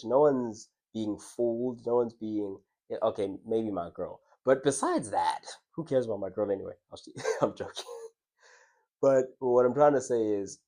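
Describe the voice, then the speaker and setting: A young man talks straight to his viewers in a loose, conversational way, thinking out loud as he tells his story. His voice sits on the lower side. He often circles back and repeats words while he searches for the right phrasing. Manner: conversational, reflective, restarts words, laughs often. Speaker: vlogger. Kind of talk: casual personal storytelling.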